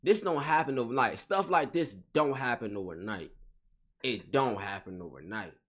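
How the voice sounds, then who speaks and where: A man's voice: medium pitch, expressive, moderate pace, a bit bright. Guy doing a spiritual pep-talk vlog, says everything twice, slangy and emphatic. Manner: repetitive, emphatic, restates each phrase; casual slangy street talk. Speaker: vlogger. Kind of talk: spiritual motivational monologue.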